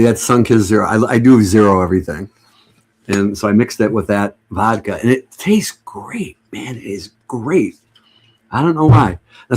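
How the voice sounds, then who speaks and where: A middle-aged man chatting casually to his stream viewers at home, sarcastic and joking, rambling with many restarts. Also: lowish voice. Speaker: livestream host.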